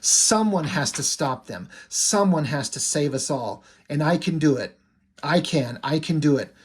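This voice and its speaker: A man voicing a weary, tormented male hero warrior, speaking a quiet, brooding inner monologue in a husky voice. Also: a little high, animated, a little slow.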